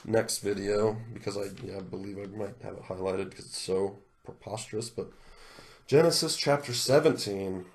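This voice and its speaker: A man hosting a video, reading scripture aloud in a solemn cadence and commenting on it in an animated, indignant way. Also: fairly low pitch, normal speed.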